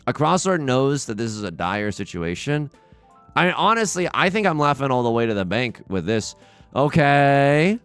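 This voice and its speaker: A man's voice: medium pitch, big pitch swings, normal speed, fairly bright tone, clear, resonant tone, soft background music. A young man casually commenting on his own game play, rambling and self-mocking with frequent restarts. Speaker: let's play host.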